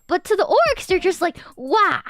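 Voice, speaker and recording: A woman streamer rambling playfully in casual chat, giggly and animated. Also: high-pitched, a little slow, soft background music. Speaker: VTuber streamer.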